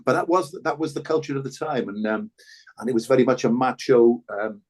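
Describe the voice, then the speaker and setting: An older Welshman who once played fullback in rugby speaks reflectively as a guest on a podcast, his mid-range voice brisk and somewhat dark in tone. He frequently repeats words and starts sentences over, in the manner of a thoughtful interview.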